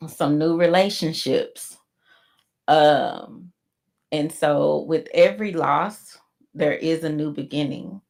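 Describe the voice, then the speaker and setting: A woman co-hosting a podcast, giving a slow, reflective, faith-based closing message with many pauses. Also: deep voice, fairly even intonation, vocal fry, a little mellow. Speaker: podcast co-host.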